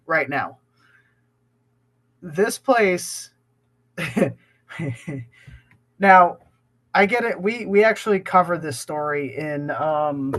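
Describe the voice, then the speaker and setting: A talkative man co-hosting a podcast, his voice sitting a little high. He is sick with a cough and rambles in easy conversation, restarting his thoughts as he goes. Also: fairly bright tone. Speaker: podcast co-host. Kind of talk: casual podcast chat.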